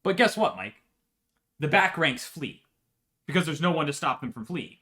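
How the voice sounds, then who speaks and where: A man's voice: a little high, lively intonation, normal speed, bright, forceful tone. A man telling a history story for laughs in a profane, rambling way, often checking in with "right?". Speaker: podcast host.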